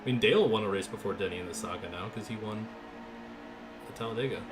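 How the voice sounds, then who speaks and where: A young man streaming a racing game, calling the race in an excited play-by-play style and chatting loosely between races. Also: lowish voice, quick pace, background noise. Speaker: gaming streamer. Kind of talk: live racing game commentary.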